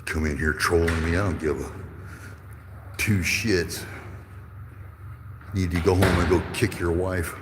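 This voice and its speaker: Man, 50s, very low voice, angry profane livestream rant, echoey courthouse hall with faint noise. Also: fairly even intonation, a little slow, pauses often. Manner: angry, profane, rambling storytelling. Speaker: livestreaming channel host. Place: courthouse building with echo.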